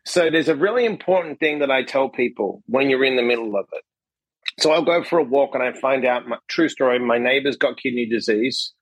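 A man guest on a podcast telling a personal story in casual conversation, animated and acting out what people said, often tagging his lines with a question. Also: mid-range voice, fairly quick, husky, no room sound, poor audio. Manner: animated, acts out quotes, frequent "right?" tags. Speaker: podcast guest, author and coach.

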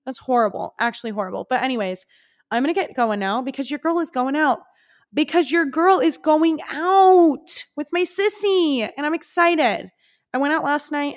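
Young female solo podcast host, slightly high voice, gushing and chatty. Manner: bubbly, gushing, animated. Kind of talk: solo casual podcast chat.

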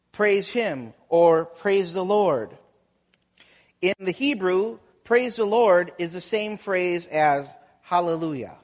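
A man preaching a sermon, telling a folksy story with plenty of fillers and restarts. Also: high voice. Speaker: pastor. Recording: echoey hall with long reverb.

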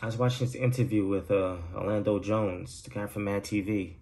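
Gravelly low-voiced man ranting casually. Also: steady tone, a little fast, darkish tone. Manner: profane, rambling, laughs at own jokes. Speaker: podcast host. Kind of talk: casual solo monologue.

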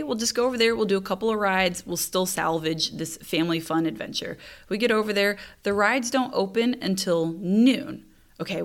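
Animated woman telling a family story. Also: mid-range voice, vocal fry. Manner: animated, exasperated, laughing storyteller. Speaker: podcast host. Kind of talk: casual storytelling monologue.

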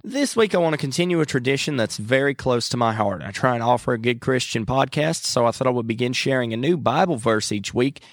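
A man's voice: medium pitch, expressive, brisk, hardly any pauses, dry recording, clean studio sound. A man hosting a podcast, chatty and self-mocking, turning earnest when he shares a devotional. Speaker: podcast host. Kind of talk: casual chat and devotional talk.

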